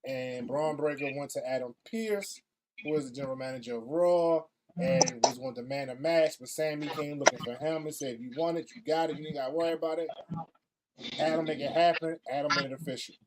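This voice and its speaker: Baltimore-accented male podcast host, loose slangy chat, higher voice, noisy track. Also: fairly quick. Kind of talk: casual chat. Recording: noisy background.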